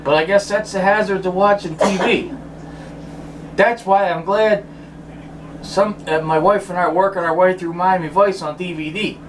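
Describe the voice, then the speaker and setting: High-voiced man on a profane rant. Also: fairly even intonation, normal speed. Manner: exasperated, swears constantly, mock-outraged. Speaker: vlogger ranting about football. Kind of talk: profane comic rant to camera. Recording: distant mic with faint background noise.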